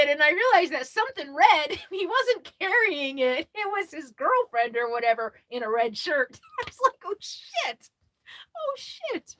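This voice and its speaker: A woman hosting a casual livestream about RV life, chatting and answering viewer comments, laughing often and quick to apologize. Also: high voice, bright, forceful tone. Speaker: RV lifestyle livestream host.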